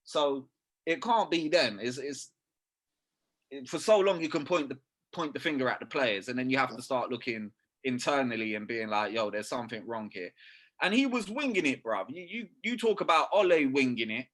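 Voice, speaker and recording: A man's voice: mid-range voice, animated, moderate pace, a bit bright. Young man, casual football rant, slangy, profane. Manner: slangy, swearing, keeps saying "bruv". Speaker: podcast co-host.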